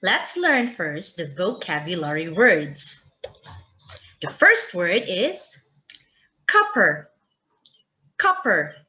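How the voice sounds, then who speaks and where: Woman, teacher, children's vocabulary lesson, very slow, lively pitch, spells words aloud. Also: dull audio.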